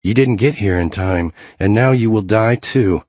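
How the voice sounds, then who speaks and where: A man's voice: on the low side, normal speed, a little mellow, no room sound, pitched above the performer's own voice, lightly acted. A male narrator voicing the taunting floating head of a dead man in a nightmare. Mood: mocking. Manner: mocking, accusing.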